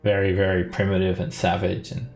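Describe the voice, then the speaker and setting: A man's voice: low voice, monotone, brisk, darkish tone, faint music behind. A man narrating a tabletop role-playing game as its dungeon master, with vivid descriptions.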